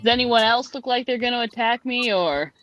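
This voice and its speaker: A woman's voice: on the high side, brisk, fairly bright tone, muffled recording, faint music behind. A woman playing a tabletop game, speaking briefly and hesitantly. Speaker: player.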